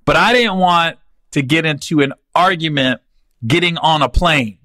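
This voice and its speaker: His voice is on the high side and his pace moderate, with no echo in the recording. As a comedian hosting a podcast, he rambles through comic tales, animated and full of slang, often starting over.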